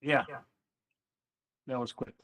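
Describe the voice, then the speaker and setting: A man casually telling a story on a chat panel, animated and acting out what people said. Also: slow, far from the mic, low-quality recording. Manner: animated storyteller, acts out quotes.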